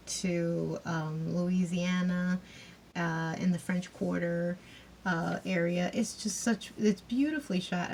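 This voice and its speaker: A woman talks through a TV series review in a loose, chatty way, filling her sentences with asides and little fillers. Her voice sits fairly low and has a gravelly, creaky texture. Faint background noise runs underneath. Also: darkish tone. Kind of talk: casual review chat.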